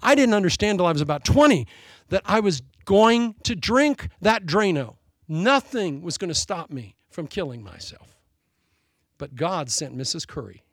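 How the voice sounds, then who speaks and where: A man preaching a sermon as pastor, telling a story with animated delivery and laughing at his own jokes. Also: high voice, normal speed, no room sound, studio quality.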